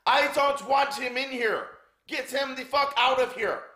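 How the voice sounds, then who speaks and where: A man's voice: very high-pitched, a little slow, sharp tone, roomy sound, pitched above the performer's own voice, heavily acted. A man voicing a furious, menacing male wrestler who barks orders. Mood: angry. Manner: barking orders, cursing.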